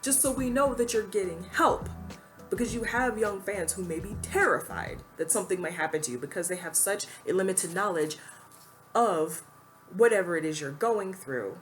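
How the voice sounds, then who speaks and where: A woman's voice: medium pitch, normal speed, faint music behind. A woman giving earnest, emphatic opinion commentary to camera, now and then quoting others in a mocking voice. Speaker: commentary YouTuber.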